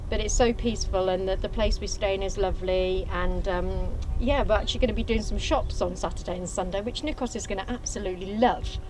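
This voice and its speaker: A woman's voice: medium pitch, fast talker, few pauses, noisy background. A woman hosting a live stream outdoors, chatty, friendly and giggly, speaking politely and nicely. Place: outdoors at an airfield.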